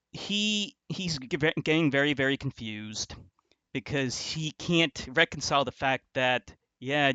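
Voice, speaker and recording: A man's voice: medium pitch, fairly bright tone, no echo, dull audio. A man hosting commentary, talking with contempt and often restarting his sentences. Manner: contemptuous and insulting, with frequent restarts. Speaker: commentary video host. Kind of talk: scornful commentary reacting to an online argument.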